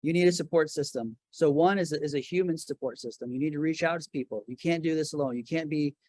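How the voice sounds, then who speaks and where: Middle-aged man, guest on an interview, higher voice, earnest, halting restarts, dry close mic. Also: a little mellow, no room sound. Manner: earnest, speaks of his faith, many restarts. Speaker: guest, record label founder. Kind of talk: casual interview. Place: his office.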